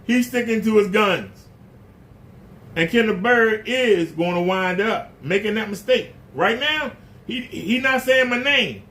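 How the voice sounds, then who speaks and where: Speaking at a measured pace, a YouTube host delivers a casual, indignant rant straight to the camera, full of repeated rhetorical questions. His voice is high, animated, pushed and bright, with a little hiss or hum in the background.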